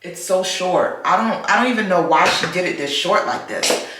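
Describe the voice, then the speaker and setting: Recorded on a camera mic in a very echoey room, this young vlogger from the United States rants in a casual video, cursing and saying things over again. She speaks at a normal speed in a low-side, expressive voice with a fairly bright tone.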